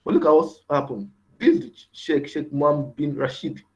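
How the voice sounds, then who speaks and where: A man's voice: on the high side, animated, normal speed. A man giving a motivational mentorship lecture, repeating key words and asking rhetorical questions. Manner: rhetorical questions, repetitive emphasis. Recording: dull lo-fi recording.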